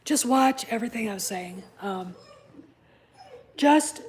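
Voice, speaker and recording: A woman's voice: a little high, slow pace, slight background noise. A woman hosting a casual vlog, speaking bluntly with profanity and conspiratorial asides, at home. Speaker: channel host. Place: home with a puppy nearby.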